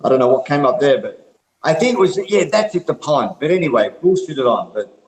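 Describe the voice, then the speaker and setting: A man's voice: mid-range voice, animated, fairly quick, roomy sound, low-quality recording. A man, rambling in a casual group call, laid back, swearing freely and calling everyone mate and brother.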